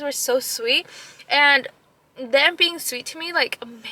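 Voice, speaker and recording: A young woman and mother retelling an upsetting story in a casual vlog, animated, full of "like" fillers and slipping into Spanish phrases. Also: high-pitched, measured pace, no echo. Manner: upset and emotional. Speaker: vlogger.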